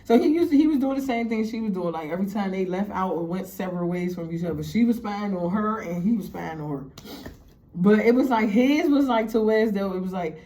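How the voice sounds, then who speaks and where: A young woman telling a story to her viewers in a casual, animated way, laughing often and filling her talk with "like". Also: mid-range voice, brisk. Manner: animated, laughing, heavy "like" fillers. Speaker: storytime vlogger.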